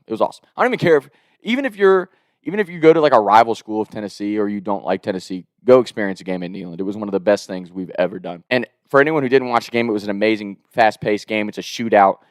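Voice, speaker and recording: Recorded with studio quality and no echo, this young man spins a casual yarn full of laughter and free swearing. Whenever he quotes someone, he plays them out with changes in pitch and volume.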